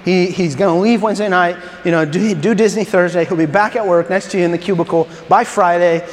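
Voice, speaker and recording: High-voiced pastor in a reverberant hall. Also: male voice, brisk. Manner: animated, stammering restarts. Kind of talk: sermon with an animated story. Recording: long reverb in a large hall.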